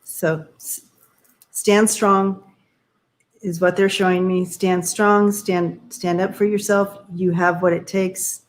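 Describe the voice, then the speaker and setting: A woman doing tarot readings on a live stream, talking in a halting, searching way with many fillers while giving gentle advice. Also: on the low side, flat delivery. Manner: encouraging, gives gentle advice. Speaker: tarot reader.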